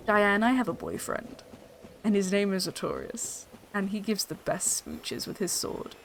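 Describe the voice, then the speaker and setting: A woman's voice: medium pitch, very animated, a little slow, gravelly, slight background noise. A woman chatting casually on a game stream on an old desktop mic, bubbly, laughing often and swearing freely. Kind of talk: casual gaming stream chat. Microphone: old desktop microphone.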